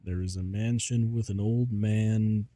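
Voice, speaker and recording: Dry, mellow man streaming a game. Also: fairly low pitch, steady tone, a little slow, no room sound. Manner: laughs often, self-deprecating, chatty. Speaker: VTuber streamer. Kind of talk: gaming stream commentary.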